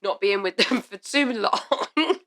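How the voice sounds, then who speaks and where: A young woman co-hosting a podcast, chatting in a bubbly, jokey way with quick asides. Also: medium pitch, a bit bright. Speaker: podcast co-host. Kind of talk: casual chat.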